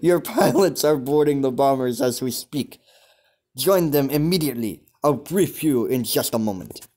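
A man's voice: mid-range voice, animated, moderate pace, darkish tone, lightly acted. A man putting on a stern German-accented commander. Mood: commanding.

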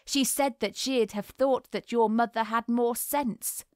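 A woman's voice: a little high, steady tone, unhurried, darkish tone, dry recording, clean studio sound, lightly acted. Woman reading as a gloating little schoolboy. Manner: gloating, mocking, boastful. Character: taunting smug young schoolboy. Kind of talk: audiobook character reading.

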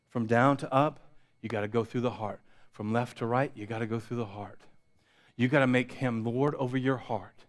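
A pastor preaching a sermon, building intensity through repetition and dropping to quiet asides. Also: male voice, medium pitch, fairly even intonation, moderate pace. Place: church sanctuary.

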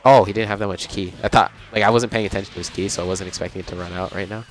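A young man giving casual, chatty commentary on a video game as he plays, reacting out loud and laughing often. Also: sits low, fairly even intonation, rapid-fire. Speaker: gaming channel host. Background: game music.

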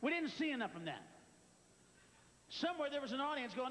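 A man's voice: very high-pitched, big pitch swings, a little fast, pauses often, fairly bright tone, slight background noise. A man doing a live stand-up routine on a large theater stage, ranting profanely with sudden screams into a handheld mic. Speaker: stand-up comedian. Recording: live theater reverb with crowd.

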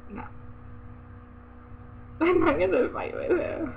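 A woman's voice: very high-pitched, takes it slowly, gravelly, pauses often. A teenage girl ranting in a casual webcam vlog, chatty and giggly, rambling and exasperated. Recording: tinny phone-like webcam audio, faint hiss.

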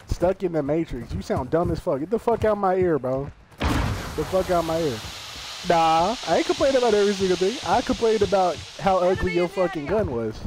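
A young male streamer talks over a shooter game with his teammates, cussing them out and trash-talking nonstop. His voice sits a little high. Heavy gunfire and game noise pound constantly behind him. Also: animated, normal speed. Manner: profane, loud trash talk at teammates. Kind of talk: live gaming stream with voice chat. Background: shooter game audio, gunfire.

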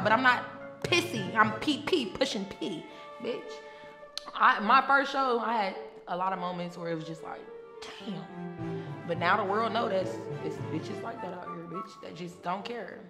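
A woman who is a reality TV personality, looking back on her show in a brash, profane, unscripted monologue and laughing often. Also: medium pitch. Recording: echoey room with music underneath. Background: music.

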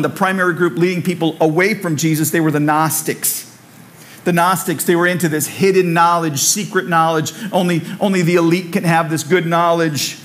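A man's voice: a little high, fairly bright tone. A man preaching a sermon in a church, conversational and repetitive, with humorous asides. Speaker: pastor. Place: church sanctuary.

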